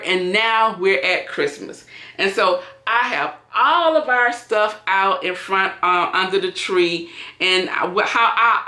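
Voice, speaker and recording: A woman vlogger telling a casual story while wrapping gifts, acting out what people said, recorded in an echoey room. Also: on the low side. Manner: animated, acts out quotes.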